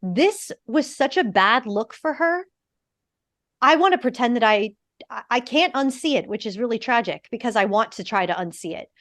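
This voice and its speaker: A woman who is an actor and podcast host, chatting in an animated, opinionated way and swearing freely. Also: a little high, moderate pace, dry recording, studio quality. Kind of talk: casual podcast chat.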